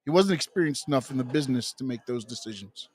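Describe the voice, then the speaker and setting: A man's voice: mid-range voice, expressive, fast, slightly rough. A man co-hosting a sports radio show, reading out a news item in a casual way. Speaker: radio co-host.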